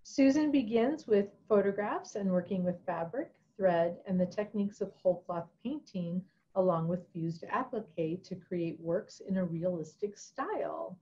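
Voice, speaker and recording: A woman's voice: fairly low pitch, normal speed, few pauses, mellow. Woman panel moderator, enthusiastic, affirming, muffled lo-fi call audio. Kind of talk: panel discussion hosting.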